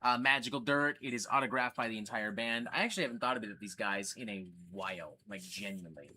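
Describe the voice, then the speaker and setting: Enthusiastic, bright-voiced man host. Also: lowish voice, fast talker, slight background noise. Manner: enthusiastic, swears freely. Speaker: livestream host. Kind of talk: casual livestream chat.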